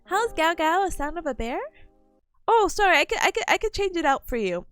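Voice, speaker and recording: A woman's voice: extremely high pitch, sing-song, moderate pace, a bit bright, soft background music. A young woman streaming as a VTuber, chatting playfully with her viewers, giggly and a little sniffly. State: sniffly, voice a bit worn. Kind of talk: casual chat with stream chat.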